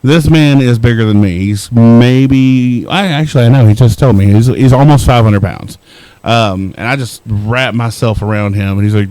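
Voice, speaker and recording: A man's voice: mid-range voice, normal speed, few pauses, warm tone, dry recording. A middle-aged man co-hosting a podcast, telling a rambling, profane, self-deprecating story in casual chat. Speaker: podcast co-host.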